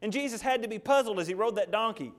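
A man preaching a sermon with passion, firing off rhetorical questions and swinging between loud and hushed. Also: high voice, fast talker, long reverb tail.

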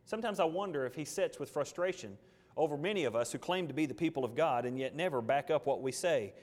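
A man preaching a sermon with passion, firing off rhetorical questions and swinging between loud and hushed. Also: on the high side, lively intonation, quick pace, big-room sound.

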